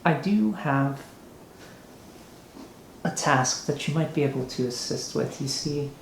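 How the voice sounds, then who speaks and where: A man's voice: a little high, a little slow, vocal fry, a little hiss or hum. A man voicing a flamboyant, giddy male nobleman mayor in a tabletop game, speaking in an ingratiating way, recorded in an echoey room.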